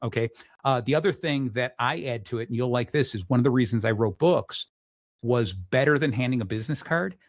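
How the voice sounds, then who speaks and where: A middle-aged man hosting a casual interview show, energetic and full of restarts, acting out the people he quotes. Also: mid-range voice, brisk, no echo, clean studio sound. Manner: restarts often. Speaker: podcast host.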